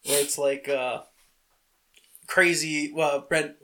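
A man co-hosting a laid-back podcast, his voice a bit higher than most men's and notably bright and forward. He speaks casually, agrees readily and laughs along with his co-host. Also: fairly even intonation, slow pace. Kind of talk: casual chat.

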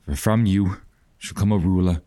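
An actor voicing a solemn prophet declaiming scripture in an audio drama. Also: male voice, sits low, fairly even intonation, normal speed, mellow, no room sound, clean studio sound, lightly acted.

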